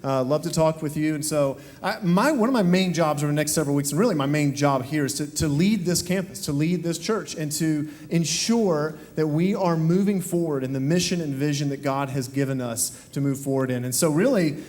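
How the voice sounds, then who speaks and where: Southern-accented pastor, raised voice, friendly stage chat in a reverberant sanctuary. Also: male voice, on the high side, a little fast, hardly any pauses, darkish tone. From Alabama, US South. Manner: friendly, conversational with many fillers. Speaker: campus pastor. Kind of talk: onstage church interview. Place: church sanctuary. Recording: long hall reverb.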